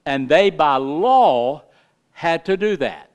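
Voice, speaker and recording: A man's voice: on the high side, expressive, slow pace, clean tone. A middle-aged man preaching a sermon in a folksy, emphatic way, full of rhetorical questions. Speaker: pastor.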